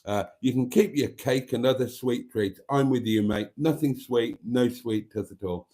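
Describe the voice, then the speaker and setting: Man, live stream host, casual chat, wry and self-mocking, mellow dark tone. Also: medium pitch, moderate pace, few pauses. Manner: chatty, wry, self-mocking, reads out viewer comments.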